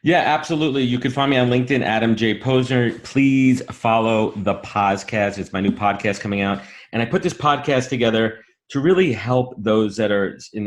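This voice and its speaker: A man's voice: on the low side, a little fast, hardly any pauses. A man, a podcast guest telling brash, swearing stories in a casual interview. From New York.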